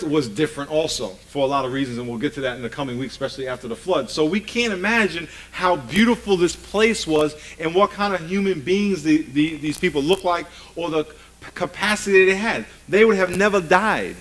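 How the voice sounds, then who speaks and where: A man's voice: a little high, a bit bright, low-quality recording. A man preaching a sermon emphatically, often asking the congregation rhetorical questions.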